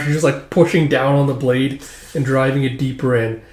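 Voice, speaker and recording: A man's voice: medium pitch, steady tone, moderate pace. A man recapping a manga in a loose, chatty way, full of fillers. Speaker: manga reader and reviewer. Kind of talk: casual reading narration. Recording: roomy echo.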